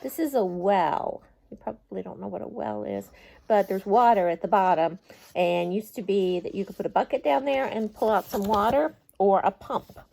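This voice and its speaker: A woman reading a picture book aloud to young children, gentle and expressive, chatting with them between pages. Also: medium pitch, normal speed, vocal fry. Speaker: storyteller.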